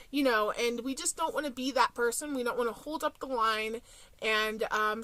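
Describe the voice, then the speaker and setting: A young woman talks to her viewers in a chatty, casual vlog style, sprinkling in plenty of ums and likes. Her voice sits a little high and sounds bright and clear. The sound is dry and close. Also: no echo. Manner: chatty, with frequent "um" and "like". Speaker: couponing vlogger. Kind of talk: casual storytelling to camera.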